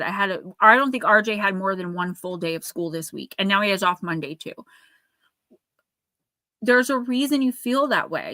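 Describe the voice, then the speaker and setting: A woman reading oracle cards live for her viewers, with a bright, clear tone. She sounds earnest and caring and talks to people by name. The sound is dry and close, with no room echo. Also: mid-range voice. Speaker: oracle card reader.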